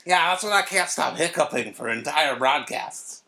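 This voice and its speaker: A man's voice: on the high side, lively intonation, normal speed, bright, forceful tone. A man co-hosting a podcast, joking dryly in casual, goofy chat. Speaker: podcast co-host. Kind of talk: casual comedic chat with improvised interview.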